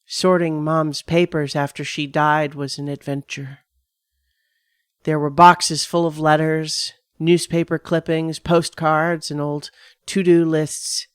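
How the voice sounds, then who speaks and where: A woman giving a measured, dramatic first-person reading of a scripted horror story on a close studio mic. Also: low-pitched, flat delivery, clear, resonant tone, dry recording. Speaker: narrator.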